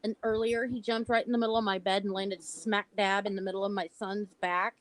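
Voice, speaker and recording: A middle-aged woman hosting a livestream over a video call, telling stories in a blunt, animated way and laughing often. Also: medium pitch, a little fast, no echo, low-quality recording. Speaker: livestream host. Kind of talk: casual chat.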